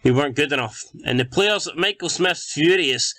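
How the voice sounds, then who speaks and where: A man's voice: on the high side, animated, moderate pace, hardly any pauses, pushed and bright, no echo. A young man commenting on his football management game, exasperated and swearing as he calls the action. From Scotland. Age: young adult. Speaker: gaming YouTuber playing a football manager game. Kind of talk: casual gameplay commentary.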